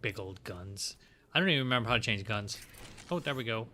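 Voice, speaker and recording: Man, lowish voice, casual game commentary, jokey, chats at the screen, noisy background. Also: expressive, fairly quick, pushed and bright. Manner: joking, chatty, talks back to the game. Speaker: let's play host.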